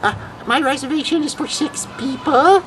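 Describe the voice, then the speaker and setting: A man's voice: extremely high pitch, moderate pace, fairly bright tone, a little hiss or hum, voice pushed up, rough recording. A man putting on the voice of a frail, fussy little old lady who pleads and insists on the phone. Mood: polite.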